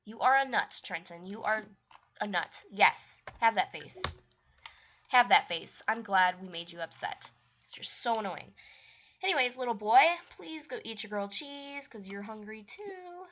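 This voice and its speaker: A woman's voice: medium pitch, expressive, moderate pace, a bit bright, highs cut off, slight background noise. A young woman narrating her life-sim game and scolding the characters in casual commentary, often exasperated. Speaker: gaming YouTuber. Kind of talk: let's play commentary.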